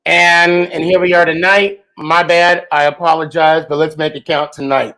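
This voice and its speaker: A man with a fairly high voice hosts a podcast in a loose, chatty way. He jokes along and fills his pauses with "um" and "uh" as he talks to his guest. It sounds like casual talk from home. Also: little pitch movement, sharp tone, rough recording. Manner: chatty and joking, lots of fillers. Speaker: podcast host.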